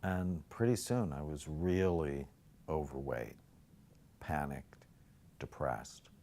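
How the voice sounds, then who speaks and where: A man lecturing as a brain health teacher, telling patient stories in an animated way that swings from loud emphasis to soft near-whispers. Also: very deep voice, slow, gravelly. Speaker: psychiatrist lecturer. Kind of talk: storytelling lecture.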